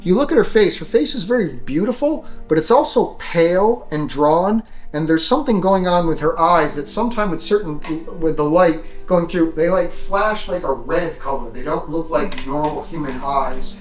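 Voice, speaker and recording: Casual game master, higher voice. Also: male voice, normal speed, hardly any pauses, soft background music, poor audio. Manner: casual, full of fillers like "like" and "um". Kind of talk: narrating a tabletop game.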